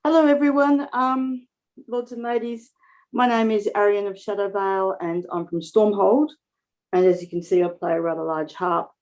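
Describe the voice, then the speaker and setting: A woman's voice: medium pitch, steady tone, normal speed, darkish tone, poor audio. A woman on a video call introducing herself and her harp piece in a chatty, self-deprecating way. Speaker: harpist performer.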